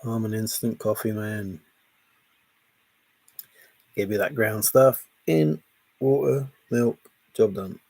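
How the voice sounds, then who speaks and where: A man with a gravelly, husky voice hosts a relaxed late-night livestream. He reads his viewers' comments out loud and answers them in a playful, unhurried way. The sound is close and dry. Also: lowish voice, no echo. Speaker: livestream host.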